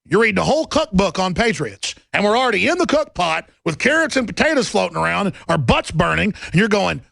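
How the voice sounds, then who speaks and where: A middle-aged man hosting a talk radio show, ranting sarcastically and mocking his critics, often bursting into shouts. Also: high voice, sing-song, a little fast, creaky, few pauses, dry recording.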